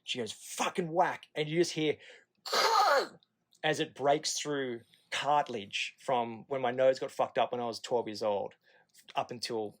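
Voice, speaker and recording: A man in his thirties with an Australian accent tells a long personal story on a podcast. He talks casually and frankly, swears freely and slips into quick impressions of the people around him. His voice sits at a middle pitch for a man. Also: steady tone. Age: 30s. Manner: candid and profane, acting out the nurses in quoted asides. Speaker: podcast guest.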